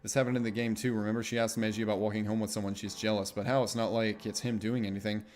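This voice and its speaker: A man's voice: on the low side, flat delivery, fast, a little mellow. A man streaming himself as he reads a visual novel aloud and comments on it casually, with wry asides and some swearing.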